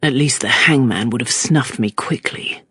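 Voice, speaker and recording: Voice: mid-range voice, normal speed, a bit bright, breathy edge, voice pushed down. A narrator voicing a surly young male criminal in an audiobook, muttering and sneering. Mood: sullen.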